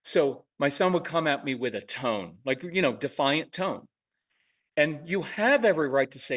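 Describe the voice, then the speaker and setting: A man talking casually in an interview, telling lively parenting stories and acting out parents and kids in quick asides. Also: mid-range voice, distant mic. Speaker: parenting podcast host and guest expert. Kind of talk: conversational interview.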